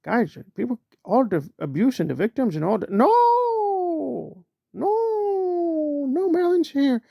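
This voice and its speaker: A whiny, self-pitying man pleads his innocence, his voice leaping up into squeaky, cracking protests. He is acted out by a man in a mocking parody. The delivery is gravelly and dry. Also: sing-song, slow, dark tone, no echo, exaggerated voice. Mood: pleading. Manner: whining, pleading, voice cracking upward.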